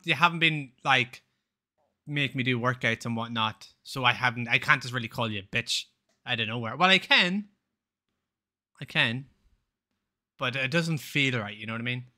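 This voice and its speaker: Bright-voiced man rambling on a stream. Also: mid-range voice, normal speed. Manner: rambling and swearing, laughs often. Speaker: live streamer. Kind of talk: casual live-stream chat.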